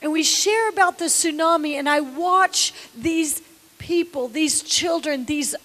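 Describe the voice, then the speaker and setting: A woman's voice: high voice, unhurried, a bit bright, long reverb tail. A woman preacher telling a story in a sermon, emotional and repetitive, sometimes dropping to a whisper. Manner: emotional, drops to whispers, repeats words.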